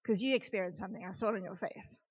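Husky-voiced woman preaching to a youth group. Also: mid-range voice, very fast. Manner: animated, talks straight to the group. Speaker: youth leader. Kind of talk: youth sermon. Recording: dull lo-fi recording.

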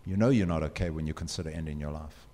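A man's voice: very deep voice, quick pace, warm tone. Earnest man in a reverberant hall. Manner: earnest, direct, asks the audience questions. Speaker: speaker addressing students. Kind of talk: motivational talk.

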